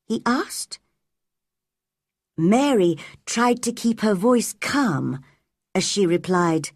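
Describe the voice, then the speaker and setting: Woman narrator for a learners' audiobook, lively pitch, breathy, dry close sound. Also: dry recording. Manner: clear, measured, expressive character voices. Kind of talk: graded-reader audiobook narration for English learners.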